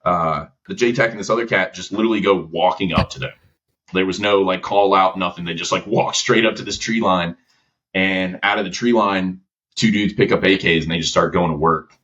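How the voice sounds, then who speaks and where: Deep-voiced man telling war stories. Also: brisk, muffled recording. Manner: slangy, lively, quoting others in his stories. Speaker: podcast guest, former gunship gunner. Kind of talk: casual storytelling interview.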